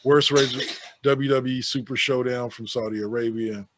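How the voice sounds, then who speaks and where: A man's voice: mid-range voice, fairly even intonation, moderate pace, noisy background. A man co-hosting a casual podcast, reading out a list of awards and adding sarcastic, offhand asides. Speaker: podcast co-host.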